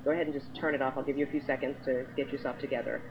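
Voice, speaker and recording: A woman vlogger talking straight to camera in a lecturing, emphatic way, with her pitch jumping high when she is exasperated. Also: little pitch movement, racing, lo-fi sound, a little hiss or hum. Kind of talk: to-camera monologue.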